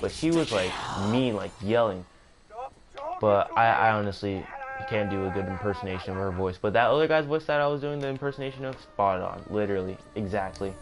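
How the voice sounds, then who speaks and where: A man's voice: on the low side, brisk, crowd noise. A young man casually narrating a storytime, rambling with self-corrections and joking asides. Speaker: gaming streamer.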